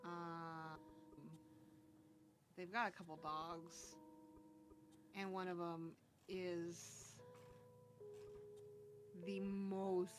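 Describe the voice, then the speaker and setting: A woman's voice: fairly low pitch, level tone, very slow, pauses often. A woman chatting casually on a live stream, telling an exasperated story with lots of fillers. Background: background music.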